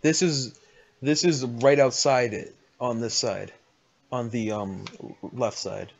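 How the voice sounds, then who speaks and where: A man's voice: medium pitch, steady tone, takes it slowly, creaky. A young man chatting casually and playfully while playing a game, laughing often. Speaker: Let's Play gamer. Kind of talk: casual gaming chat. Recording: lo-fi game chat audio.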